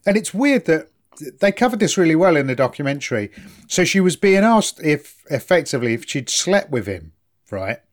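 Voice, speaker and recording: A man's voice: fairly high pitch, very animated, moderate pace. A man in casual chat, explaining at length and often asking "right?" for agreement. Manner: chatty, explaining, asks for agreement.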